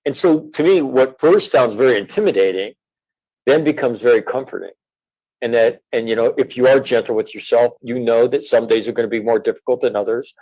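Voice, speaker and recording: A middle-aged man, a former Marine, talking in an earnest, measured way with frequent fillers as an interview guest. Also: mid-range voice, darkish tone, poor audio. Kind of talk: reflective interview talk.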